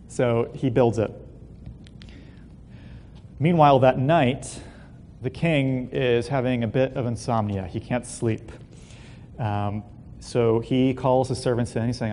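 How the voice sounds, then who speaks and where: A man telling a Bible story as a relaxed, casual lesson, full of fillers and joking asides. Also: normal speed. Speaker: Bible teacher. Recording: long hall reverb, faint rumble.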